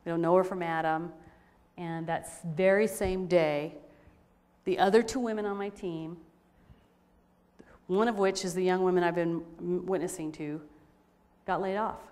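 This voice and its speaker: A woman sharing a personal testimony with a women's audience, telling her story in an animated, expressive way. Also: fairly low pitch, moderate pace. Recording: reverberant hall recording.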